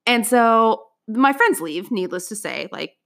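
A young adult woman telling a personal anecdote in a casual, profane and animated way, at times breaking into loud outbursts. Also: fairly high pitch, unhurried, gravelly. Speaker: storyteller.

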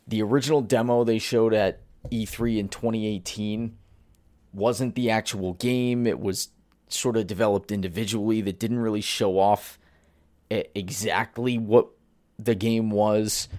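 A man's voice: fairly low pitch, darkish tone, no echo, clean studio sound. A man hosting a solo commentary podcast, ranting in an exasperated way. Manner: ranting, exasperated, swears at target. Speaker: podcast host.

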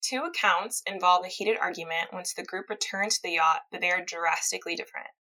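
A woman's voice: fairly low pitch, fairly quick, pushed and bright, poor audio. A woman hosting a casual podcast, recounting a true-crime case, reading quotes aloud and laughing easily. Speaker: podcast host telling a true-crime story. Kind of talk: casual storytelling chat.

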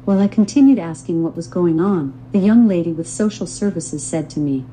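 A woman's voice: lowish voice, fairly quick, hardly any pauses, warm tone, poor audio. An older woman reading her own memoir aloud in an earnest, devout testimonial manner. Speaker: memoir author and narrator.

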